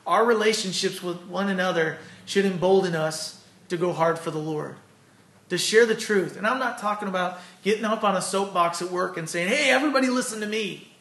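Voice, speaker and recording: A man's voice: high voice, normal speed, fairly bright tone. A man preaching an earnest, conversational sermon with personal stories, then closing in prayer. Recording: echoey room.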